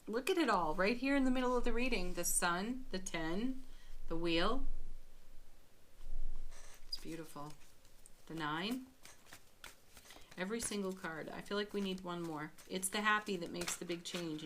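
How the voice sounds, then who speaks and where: A woman giving a daily tarot card reading, gentle and affirming, with frequent soft laughs. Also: medium pitch, normal speed, pauses often, a little hiss or hum.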